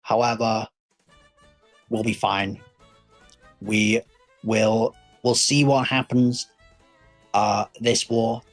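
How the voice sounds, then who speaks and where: Husky male esports commentator over faint music. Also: fairly low pitch, flat delivery, poor audio. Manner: measured, hedging delivery with frequent fillers.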